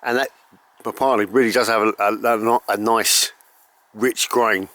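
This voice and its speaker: A man hosting an archery channel, talking casually and rambling with many ums and self-corrections while reviewing a bow outdoors in bright sun. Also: fairly low pitch, fairly even intonation, measured pace. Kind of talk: casual unscripted gear review.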